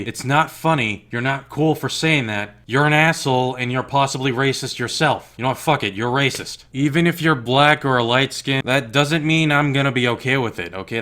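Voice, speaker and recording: A young man delivers a heated rant straight to his audience. He is blunt and profane, with a mid-pitched voice that keeps pressing forward. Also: pushed and bright. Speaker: YouTuber. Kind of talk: angry rant to camera.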